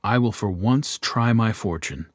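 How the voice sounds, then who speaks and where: A man voicing a young king's son in a storybook reading, speaking low, quiet and musing. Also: unhurried, husky, dry recording, studio quality.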